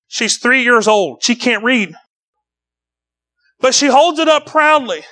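A middle-aged man preaching a sermon as pastor, swinging between loud emphatic lines and quiet low ones. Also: lively intonation, a little slow, long pauses.

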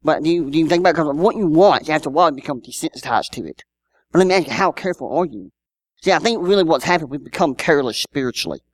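A man's voice: on the high side, expressive, racing, no room sound. A man, preaching a sermon in a conversational style with rhetorical questions and personal stories. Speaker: pastor.

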